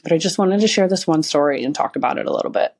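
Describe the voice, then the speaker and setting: A woman's voice: fairly low pitch, animated, rapid-fire, a little mellow. A woman hosting her own podcast, telling a rambling story with laughs and acted-out quotes. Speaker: podcast host and chiropractor. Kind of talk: casual solo podcast monologue.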